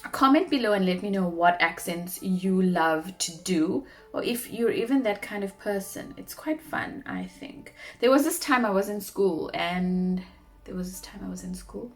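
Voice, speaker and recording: A young South African woman with a South African accent, chatting casually through a makeup tutorial, animated with soft murmured asides. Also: mid-range voice, moderate pace. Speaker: beauty vlogger.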